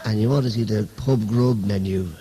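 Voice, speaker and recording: A young Irish man, a comedian, telling stand-up jokes as rapid-fire one-liners and switching into the voices of the people in them. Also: on the low side, background noise. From Ireland. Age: young adult.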